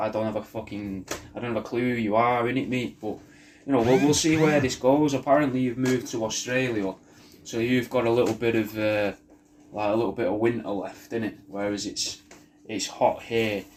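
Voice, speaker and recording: A man's voice: mid-range voice, slight background noise. Rambling, sweary man. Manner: rambling, sweary, self-deprecating, with many restarts. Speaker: video message maker. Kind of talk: personalized video message.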